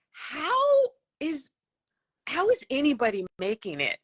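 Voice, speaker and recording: A woman's voice: a little high, sharp tone, no room sound, studio quality. A woman answering as a guest author in an interview. She speaks candidly and reflectively, with self-deprecating honesty.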